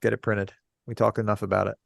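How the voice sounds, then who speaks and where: A man co-hosting a podcast in candid casual chat, laid-back and quick to laugh. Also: fairly low pitch, level tone, gravelly, no room sound, studio quality. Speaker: podcast co-host.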